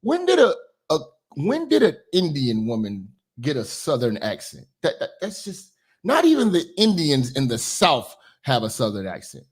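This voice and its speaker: A man hosting a reaction commentary channel, animated and mocking, swearing freely as he talks back to clips. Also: medium pitch, moderate pace, breathy edge.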